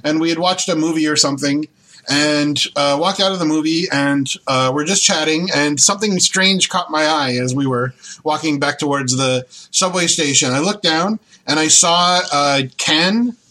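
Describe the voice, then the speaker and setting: A man's voice: fairly high pitch, sharp tone, low-quality recording. A man from the Toronto area, hosting a casual podcast and telling rambling stories with frequent laughs. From Toronto area, Canada. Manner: rambling storyteller, laughs often. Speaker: podcast host.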